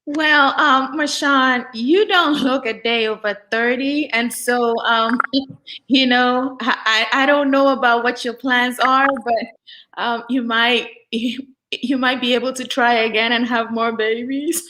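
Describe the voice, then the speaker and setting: A woman hosting an interview, asking questions in an unhurried, friendly way. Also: a little high, steady tone, bright, forceful tone, slight background noise, low-quality recording. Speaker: host. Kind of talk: interview conversation.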